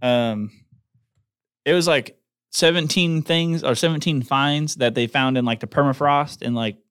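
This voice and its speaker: A man's voice: fairly high pitch, measured pace, fairly bright tone, clean tone, no room sound. Laughing, crude "dude" guy, dry sound. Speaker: podcast co-host. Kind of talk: casual podcast chat.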